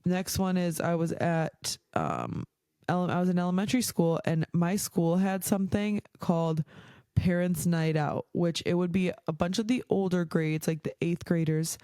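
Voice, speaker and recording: A young woman chats through stories on her podcast, her voice mellow and smooth. She talks casually, drops swear words freely and fills her sentences with "like." The sound is close and dry. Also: lowish voice, no echo. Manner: chatty, swears freely, heavy use of "like". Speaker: podcast host. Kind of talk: casual storytelling.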